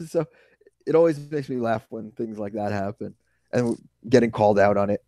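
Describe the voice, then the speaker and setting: A man with a New York accent co-hosting a podcast, telling animated stories with some swearing. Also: lowish voice, moderate pace, no room sound, studio quality. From New York suburbs. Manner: animated storyteller, ranting and swearing. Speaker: podcast co-host. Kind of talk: casual chat.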